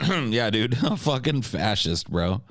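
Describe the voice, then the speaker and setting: A man's voice: medium pitch, big pitch swings, slow, a bit bright, dry recording, clean studio sound. A man hosting a livestream, chatting casually and reading viewer comments in a crude, profane, sarcastic way. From United States. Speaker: livestream host.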